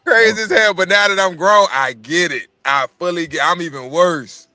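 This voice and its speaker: A man's voice: high voice, normal speed, sharp tone, dry recording. A man hosting a casual podcast chat, telling stories in a rambling, profane way.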